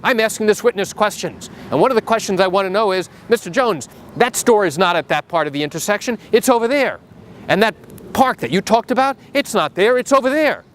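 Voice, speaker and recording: A man's voice: sits high, expressive, a little fast, fairly bright tone, a little hiss or hum, voice pushed up. A man voicing a stern, overbearing male judge who gives curt commands.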